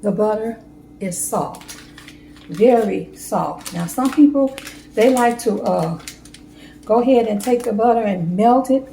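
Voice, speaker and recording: A woman chatting warmly to viewers as she bakes a cake in her home kitchen. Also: fairly high pitch, measured pace, vocal fry, pauses often, reverberant, a little hiss or hum, low-quality recording. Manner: chatty, heartfelt, talks straight to viewers. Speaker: home baking vlogger. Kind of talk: casual cooking demo chat.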